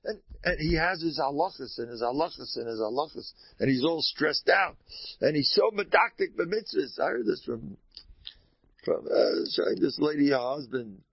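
A rabbi delivers an informal Torah talk in a gravelly, husky voice that sits fairly high for a man. He talks in an animated way, dropping to soft asides and then rising to loud exclamations. The recording is dry and dull. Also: moderate pace, dry recording.

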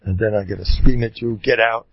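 Scheming older male rabbi, told by a male preacher, smooth-talking, slightly higher voice, lo-fi. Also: fairly even intonation, brisk, no room sound. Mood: reassuring. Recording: dull lo-fi dry recording.

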